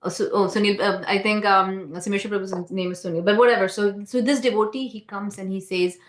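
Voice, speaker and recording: A woman speaks at a temple class and tells a story in a loose, conversational way. She stops and restarts often, fills gaps with "um" and "like", and keeps asking her listeners "right?". Her voice sits at a middle pitch for a woman and rings around a roomy temple hall. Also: steady tone, fairly quick. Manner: hesitant, many fillers and restarts.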